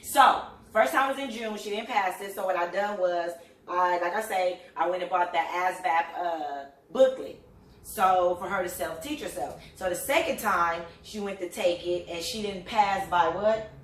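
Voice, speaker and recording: A middle-aged woman hosting a casual talk, telling a family story in an animated, chatty way with lots of fillers. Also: on the low side, moderate pace, recorded from a distance, a little hiss or hum. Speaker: host. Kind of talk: casual chat. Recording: echoey room, voice a bit off-mic.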